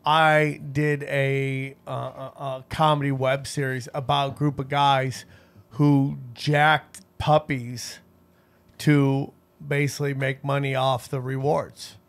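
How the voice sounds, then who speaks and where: A man hosting a podcast, telling jokey stories in a casual, animated way. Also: mid-range voice, slow, gravelly. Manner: joking storyteller, animated. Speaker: podcast host.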